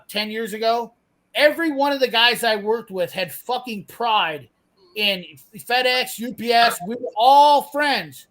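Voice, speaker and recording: Blunt, high-voiced swearing man. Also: pushed and bright, rough recording. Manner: profane, blunt, heated ranting. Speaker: host telling a work story. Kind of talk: casual storytelling chat.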